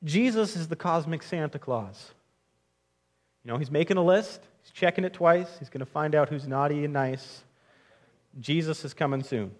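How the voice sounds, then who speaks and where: A young pastor with a fairly high voice preaches a sermon at a moderate pace. He's earnest and conversational, often restarting phrases and addressing his listeners as friends.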